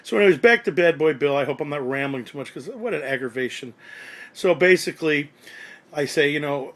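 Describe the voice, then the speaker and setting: A man's voice: on the high side, animated, fairly quick, a bit bright. A man ranting angrily and at length, profane and rambling, about someone who cheated him. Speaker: radio collector ranting to forum. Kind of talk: angry monologue.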